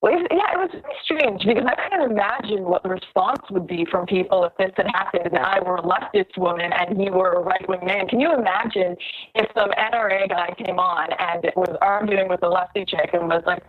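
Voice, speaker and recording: A young woman from Canada, a guest on a talk show, telling her story in an animated, pointed way. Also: mid-range voice, brisk, muffled recording. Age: young adult. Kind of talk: phone-in interview.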